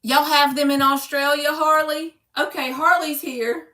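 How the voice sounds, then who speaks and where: A woman doing a live-stream tarot reading, with a bright, fairly high voice. She talks slowly and chattily, calls her viewers "baby", and reads card meanings from a book. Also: fairly even intonation, reverberant. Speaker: tarot reader.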